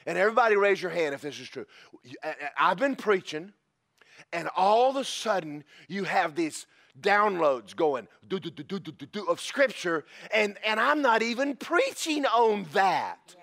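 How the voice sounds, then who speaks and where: A man preaching a sermon as pastor, animated and breaking into shouted praise. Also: high-pitched, moderate pace.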